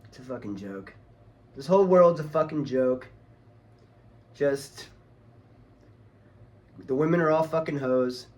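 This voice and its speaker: A man's voice: mid-range voice, measured pace, pauses often, darkish tone. A man ranting heatedly on his vlog, swearing a lot and talking in a casual, angry way. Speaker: vlogger.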